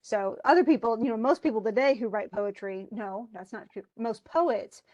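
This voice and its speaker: A woman college English instructor giving a casual lecture, reading verse slowly and deliberately between chatty asides. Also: a little high, a little mellow, muffled recording.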